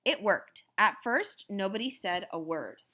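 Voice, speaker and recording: A woman reading a children's novel aloud in an expressive storytelling manner. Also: mid-range voice, measured pace. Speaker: reader.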